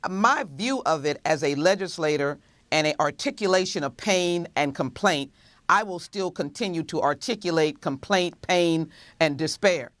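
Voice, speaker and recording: A congresswoman answering in a TV interview, measured and full of pauses and fillers. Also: deep voice, animated, fairly bright tone, no room sound.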